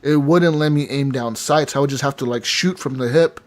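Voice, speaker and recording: A man co-hosting a gaming podcast, chatting casually and excitedly, swearing freely and calling people "dude" and "man.". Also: mid-range voice, normal speed, slight background noise. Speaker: podcast co-host.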